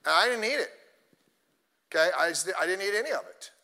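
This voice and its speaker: A male pastor preaching a sermon, telling stories in an animated way and addressing the congregation directly. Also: high-pitched, quick pace, big-room sound.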